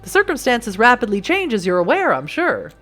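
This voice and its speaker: A hoarse woman voicing a smug, sinister male stranger in black with a Western drawl, in a game. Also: high-pitched, big pitch swings, moderate pace, a bit bright, faint music behind.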